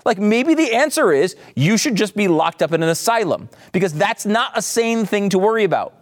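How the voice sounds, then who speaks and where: Sarcastic man ranting with a lively pitch. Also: a little fast. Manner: sarcastic, incredulous, rising to exasperated outbursts. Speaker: commentary host. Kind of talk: ranting commentary, reading quotes aloud.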